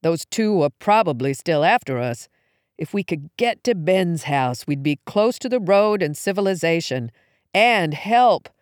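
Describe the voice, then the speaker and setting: A woman's voice: fairly low pitch, animated, unhurried, no room sound, studio quality. A woman voicing an anxious, urgent young woman. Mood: apologetic. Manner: urgent, pleading. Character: anxious young woman named Darcy, cautious.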